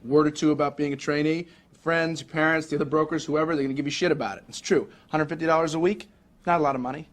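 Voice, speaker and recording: In this film monologue, a man in his twenties portrays a swaggering, wealthy young broker who boasts through a crude, brash recruitment speech. His voice sounds natural, with a steady tone and a quick pace.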